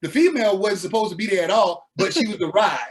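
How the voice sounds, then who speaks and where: A man from the American South, a musician guest telling his story in a laid-back, animated way with slang. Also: high voice, fast. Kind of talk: casual interview storytelling.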